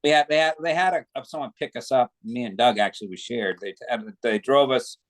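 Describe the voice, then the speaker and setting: A man's voice: mid-range voice, brisk. A man, a guest actor, chatting casually in an interview and telling long anecdotes.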